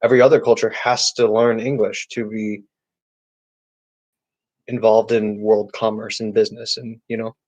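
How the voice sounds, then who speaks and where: A man answering viewer questions on a casual live stream, chatty and halting, with many restarts and repeated words. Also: lowish voice, flat delivery, darkish tone, muffled recording. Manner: chatty, talks directly to chat viewers.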